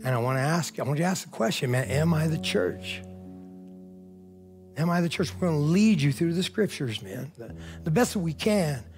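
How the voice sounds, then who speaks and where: A man's voice: fairly high pitch, expressive, moderate pace, a little mellow, faint music behind. A man preaching a sermon as pastor, fervent and conversational, often saying "man" and "amen".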